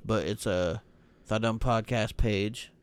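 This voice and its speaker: A man's voice: fairly low pitch, fairly even intonation, takes it slowly, clean tone. A young man co-hosting a podcast in casual chat, teasing his friend, laughing often and swearing. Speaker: podcast co-host.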